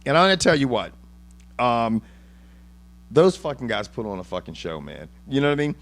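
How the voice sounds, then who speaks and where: A man's voice: mid-range voice, a little fast. A man hosting a casual boxing chat, cursing freely and rambling through his points with many restarts. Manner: profane, rambling, animated. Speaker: podcast host.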